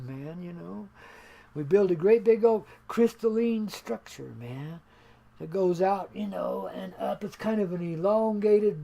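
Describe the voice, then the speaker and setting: A high-pitched, gravelly older man hosts a homespun radio show. He rambles in a laid-back, folksy drawl and laughs easily at his own jokes. At times he drifts a bit away from the mic. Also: warm tone. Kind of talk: rambling spiritual monologue.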